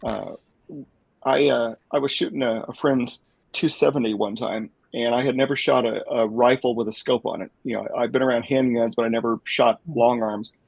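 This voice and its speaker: A man's voice: mid-range voice, fairly even intonation, normal speed, vocal fry, husky, no room sound, dull audio. A man hosting a podcast, telling a long rambling story with chuckles along the way. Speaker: podcast host.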